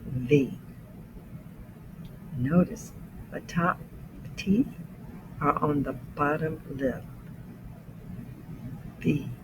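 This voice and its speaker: Man, English teacher, deliberate letter-by-letter pronunciation, fairly high voice, noisy background. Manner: careful, deliberate letter-by-letter demonstration. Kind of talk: slow pronunciation lesson.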